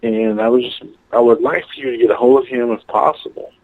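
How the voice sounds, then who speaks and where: A man's voice: mid-range voice, a little fast, slightly rough. A male caller from Oklahoma chatting casually and rambling, with lots of fillers, over a phone line. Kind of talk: casual call-in chat.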